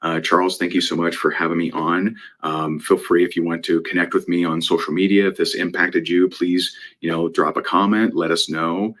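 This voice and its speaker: A man's voice: sits low, a bit bright. A man speaking as a guest business coach, telling a client story in a conversational way and often asking "right?".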